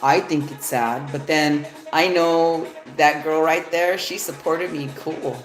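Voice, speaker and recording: A woman with a low voice reads tarot cards on a live stream, speaking slowly and rambling, with the odd swear word. Her voice sounds echoey in the room, and faint music plays behind her. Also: steady tone. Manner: casual, rambling, swears freely. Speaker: tarot reader. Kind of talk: live-stream card reading.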